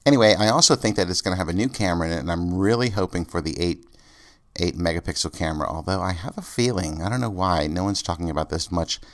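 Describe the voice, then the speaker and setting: A man's voice: deep voice, fast talker. A man hosting a casual solo podcast, rambling and thinking aloud with lots of ums and uhs. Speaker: podcast host.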